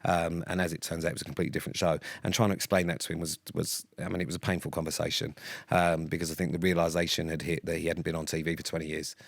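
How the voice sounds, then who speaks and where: Brief: podcast co-host, sweary rambler, deeper voice. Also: male voice, level tone, racing, vocal fry, dry recording, clean studio sound. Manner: sweary, rambling storyteller with many fillers. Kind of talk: casual chat.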